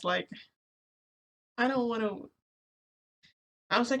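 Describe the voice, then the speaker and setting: A woman vlogger chatting casually through a long personal story, rambling with lots of "like" and quick giggles. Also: sits low, lively intonation, a bit bright, breathy edge.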